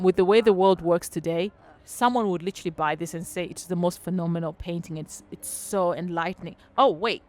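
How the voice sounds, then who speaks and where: A woman's voice: fairly low pitch, brisk. A woman giving casual let's-play commentary, chatty and exclaiming, talking to the game characters while game music plays. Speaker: gameplay commentator.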